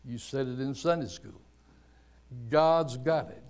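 A pastor with a medium-pitched, darkish voice gives a sermon. He tells stories and elongates his words slowly to underline them.

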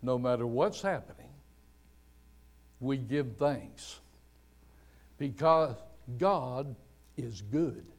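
Man, pastor, sermon, slow emphatic delivery, storytelling. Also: medium pitch, lively intonation.

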